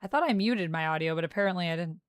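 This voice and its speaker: A woman's voice: fairly low pitch, rapid-fire, no echo, clean studio sound. A woman streaming a game, chatting casually and reading out viewer comments while practising an accent. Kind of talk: casual live-stream chat.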